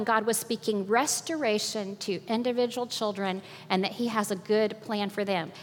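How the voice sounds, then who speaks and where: An older woman giving an earnest, sermon-style talk with slides, telling stories with a laugh, in a hall with long reverb. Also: on the high side. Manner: earnest, preachy storytelling with laughs.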